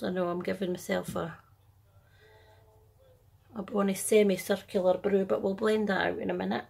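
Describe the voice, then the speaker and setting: A middle-aged Scottish woman and makeup artist chatting casually through a makeup tutorial at home, in a soft, half-whispered, self-deprecating way. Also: mid-range voice, creaky, slightly rough.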